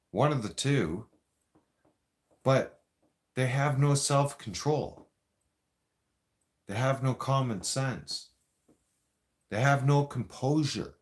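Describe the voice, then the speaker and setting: A man hosting a live stream, ranting at his viewers in a confrontational, rambling way, addressing them directly. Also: mid-range voice.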